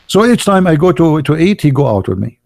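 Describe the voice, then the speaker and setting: A man's voice: fairly high pitch, sing-song, fairly quick, vocal fry, darkish tone, no echo, studio quality. Sarcastic man from the Middle East. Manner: sarcastic, laughing, many fillers and restarts. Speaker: channel host. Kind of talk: mocking monologue.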